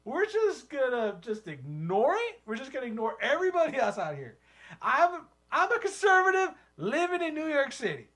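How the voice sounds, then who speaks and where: A man's voice: extremely high pitch, wildly swooping pitch, normal speed, fairly bright tone, voice pushed up, heavily acted. A man playing a smug conservative country hipster living in the city. He talks in a mock-proud, rambling way.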